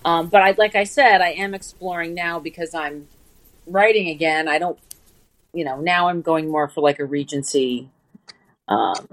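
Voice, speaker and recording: A woman with a notably low, deep voice talks as a guest in an easygoing interview. She is relaxed and reflective, musing aloud about books and reading. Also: moderate pace. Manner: relaxed and conversational, thoughtful asides. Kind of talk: casual interview chat.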